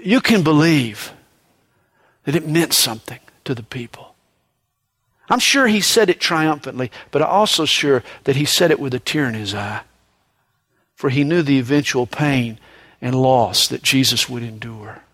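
Man preaching, higher-pitched, emphatic. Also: lively intonation, a bit bright. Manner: conversational, with frequent "you know" asides; pushes his voice up for emphasis, drops it low and slow on solemn points. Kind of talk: sermon.

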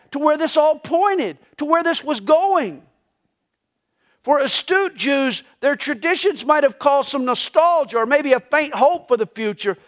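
A pastor preaching a live Sunday sermon in a church, telling the story dramatically and swinging between hushed and loud passages. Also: male voice, very high-pitched. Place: church sanctuary during a live Sunday service.

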